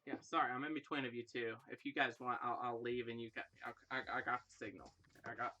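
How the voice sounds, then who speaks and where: A man's voice: medium pitch, steady tone, fast talker, sharp tone. A young man hosting a casual livestream, rambling and joking about himself as he chats with viewers. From Ireland. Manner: self-deprecating, rambling, jokey. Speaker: livestream host. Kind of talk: casual live chat with viewers.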